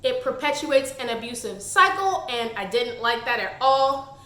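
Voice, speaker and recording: A woman's voice: a little high, expressive, normal speed, sharp tone. A woman reviewing a book on her channel, exasperated and sarcastic in her critique. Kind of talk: casual book review vlog. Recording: echoey room.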